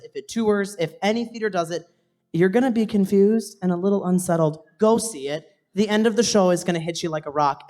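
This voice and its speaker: Young male stage performer, emotional thank-you to family in the audience, earnest, sometimes hushed. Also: high-pitched. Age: young adult. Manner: heartfelt, voice dropping to a whisper at times, laughing between phrases.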